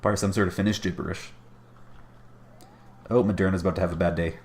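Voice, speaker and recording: Low gravelly male game caster. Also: fairly even intonation, fast talker, a little mellow. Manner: chatty, wry, self-deprecating asides. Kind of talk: casual strategy game commentary.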